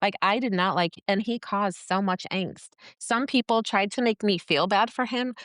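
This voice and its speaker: A woman's voice: mid-range voice, moderate pace, fairly bright tone, no echo, clean studio sound. A woman from New York co-hosting a podcast, talking in a candid, blunt, sarcastic and profane way. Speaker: podcast co-host. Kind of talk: candid casual chat.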